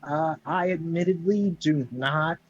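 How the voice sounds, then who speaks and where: A man's voice: a little high, measured pace, lo-fi sound. Guy kinda hesitant and self mocking on a podcast, faint music behind. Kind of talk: casual chat.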